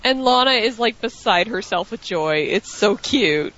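Lively wisecracking woman co-host. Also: medium pitch, unhurried, hardly any pauses. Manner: animated and wisecracking. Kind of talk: casual recap commentary. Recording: dull lo-fi audio.

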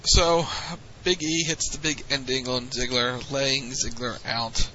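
Bright-voiced man recapping wrestling matches. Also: mid-range voice, unhurried, muffled recording, slight background noise. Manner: relaxed, teasing, recounts events play by play. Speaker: podcast host. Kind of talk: casual wrestling recap podcast.

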